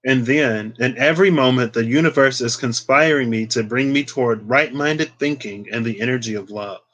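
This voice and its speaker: A man's voice: mid-range voice, normal speed, fairly bright tone, highs cut off. Chatty man giving a tarot reading. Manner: chatty, lots of "like" and playful asides. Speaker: tarot reader.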